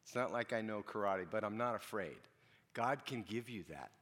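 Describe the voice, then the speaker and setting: A man giving a casual, conversational sermon, often asking the congregation questions. His voice is bright and forward, and long reverb trails off the walls of a church hall. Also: lowish voice, moderate pace. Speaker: pastor.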